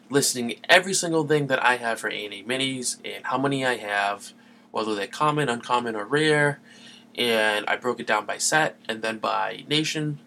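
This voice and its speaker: A man's voice: medium pitch, sharp tone, a little hiss or hum. A man hosting a gaming podcast, talking in a loose, chatty way with lots of fillers. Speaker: podcast host. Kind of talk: casual solo podcast talk.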